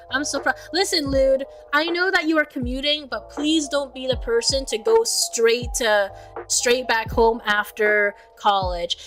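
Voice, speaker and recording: Young female streamer, slightly high voice, self-mocking chatter over clear background music. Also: fairly bright tone. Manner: chatty, self-mocking, frequent laughs and restarts. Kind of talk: casual chat reading viewer comments. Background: music playing.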